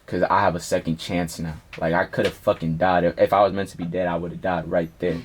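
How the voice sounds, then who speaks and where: A man's voice: low voice, a little fast, slight background noise. A young man, a rapper, telling a personal story in a casual interview, full of slang and swearing. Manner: slangy, profane, animated storytelling. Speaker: rapper guest.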